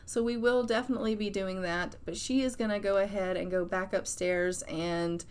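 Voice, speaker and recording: Casual let's-play host, woman, rambling and giggly, average pitch. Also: steady tone, normal speed, slight background noise. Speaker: gaming channel host.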